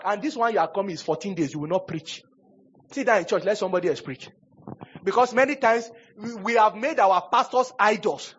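Husky, high-voiced preacher. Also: male voice, fairly quick. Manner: emphatic preaching with repetition and sudden loud bursts. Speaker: pastor. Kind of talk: sermon. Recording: dull lo-fi sermon recording.

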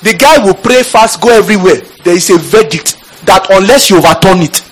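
This is a man preaching a fiery sermon in church. His voice is high and husky, and it swings widely in pitch. He shouts out scripture and keeps calling on the congregation to answer him. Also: lively intonation, brisk, rough recording.

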